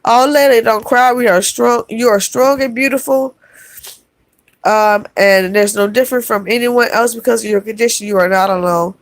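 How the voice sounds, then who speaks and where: A woman's voice: medium pitch, moderate pace, dry recording. A middle-aged woman vlogger talking heartfelt to her live chat, calling her viewers y'all and repeating herself for emphasis. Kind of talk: emotional livestream chat.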